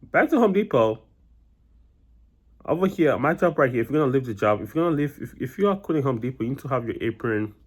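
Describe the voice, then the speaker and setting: Vlogger type: a quick-talking man, rambling, blunt, exasperated. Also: medium pitch. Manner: rambling, repeats himself with many "you know"s. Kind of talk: casual monologue.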